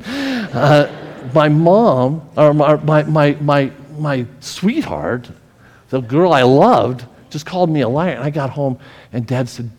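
A man's voice: on the high side, expressive, slow, a little mellow, big-room sound. A male pastor preaching a sermon, telling a personal story with feeling and often repeating and restarting his phrases.

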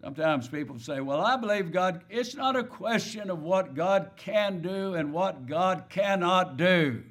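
A man's voice: high-pitched, lively intonation, measured pace, few pauses, fairly bright tone. A man preaching a sermon, stressing key words and asking his listeners rhetorical questions.

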